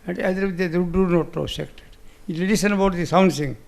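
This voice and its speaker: High, gravelly man telling a story. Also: darkish tone. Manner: halting broken English, many restarts. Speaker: spiritual master answering questions. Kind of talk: storytelling in a spiritual gathering.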